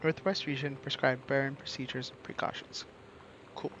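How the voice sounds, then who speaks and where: A man streaming a game in casual commentary, chatting, reading game text aloud and breaking into bursts of excitement. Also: medium pitch, moderate pace, whispered. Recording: muffled recording with faint noise.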